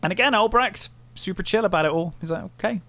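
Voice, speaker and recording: A man's voice: sits high, fast talker, pushed and bright, no room sound. A man co-hosting a casual film review podcast, retelling scenes and quoting lines in a loose acted voice. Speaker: podcast co-host.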